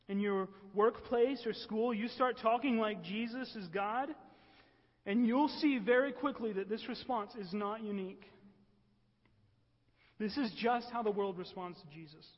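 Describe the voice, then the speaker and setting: A man preaching a sermon in an earnest way, often checking with the room by asking "right?". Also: high-pitched. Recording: echoey hall, dull lo-fi sound.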